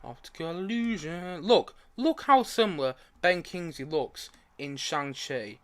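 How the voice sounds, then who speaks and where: A man's voice: a little high, big pitch swings, slow pace. A man hosting a casual movie review live stream, chatting in a rambling way with frequent restarts and asides. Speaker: movie review livestream host.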